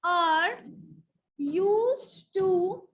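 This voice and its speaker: A woman's voice: very high-pitched, drawn-out words, poor audio. A woman teacher giving a grammar lesson in a school classroom. She asks a question, answers it, and repeats it as a drill, calling on students by name.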